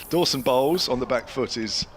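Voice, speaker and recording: Cricket commentator, man, lowish voice, chatty live delivery, noisy outdoor feed. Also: expressive, brisk. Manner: chatty, chiming in with asides to his co-commentator.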